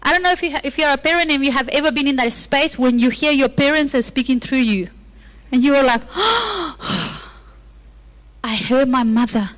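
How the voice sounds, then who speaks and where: High-voiced woman pastor, playful sermon. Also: fast talker, fairly bright tone. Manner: playful asides, acts out quoted lines. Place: church auditorium. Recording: long reverb of a church hall.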